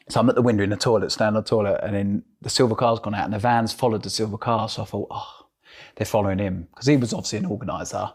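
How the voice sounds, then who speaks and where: As an interview guest, a middle-aged man from England with an Essex accent recounts his story with animation, doing the voices of the people involved. His voice is on the low side with a breathy edge.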